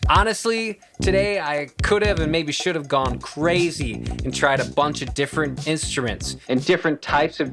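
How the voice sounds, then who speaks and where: A man giving a casual home-recording tutorial in a relaxed, chatty way with friendly asides, speaking into a studio microphone. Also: medium pitch.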